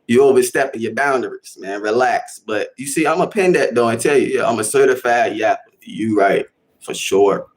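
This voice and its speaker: This young man, who has a Chicago accent, runs a laid-back livestream and addresses his chat in animated slang, saying things again to drive them home. He has a mid-range voice and a moderate pace.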